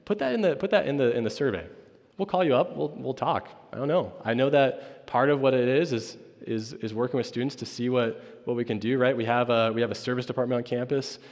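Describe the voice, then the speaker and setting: A man's voice: medium pitch, fairly quick, a little mellow. A man, a campus pastor, telling a personal story at chapel in a casual way, often asking "right?" and acting out what others said. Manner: storytelling with frequent "right?" asides; acts out quoted dialogue. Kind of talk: informal chapel talk. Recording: long hall reverb.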